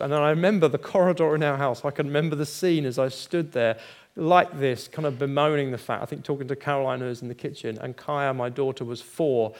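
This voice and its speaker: A middle-aged male pastor delivers a sermon in a steady mid-range voice. He moves between teaching and personal anecdotes, acting out the dialogue and laughing at his own failings. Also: mid-range voice. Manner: storytelling, acts out quoted dialogue, laughs at himself.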